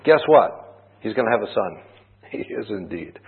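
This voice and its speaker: A man's voice: fairly low pitch, expressive, fairly quick, gravelly, breathy edge. A man preaching a sermon, telling a personal story in a conversational way and asking rhetorical questions. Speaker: pastor. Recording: tinny phone-like band.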